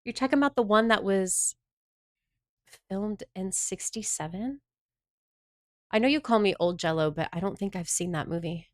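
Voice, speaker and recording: A woman's voice: medium pitch, moderate pace, long pauses, dry recording, studio quality. A woman in her thirties streaming live, chatting playfully with her viewers and swearing casually.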